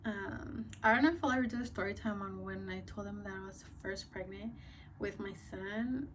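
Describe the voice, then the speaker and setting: A woman's voice: mid-range voice, normal speed, a bit bright, recorded from a distance, slight background noise. A young woman vlogger telling a casual story, chatty and full of "like" and "um", a little out of breath. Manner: chatty, many fillers like "like" and "um".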